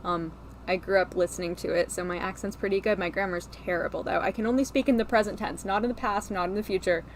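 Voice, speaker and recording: A woman's voice: mid-range voice, steady tone, quick pace, slight background noise. A woman co-hosting a casual livestream, chatting and laughing easily with the host.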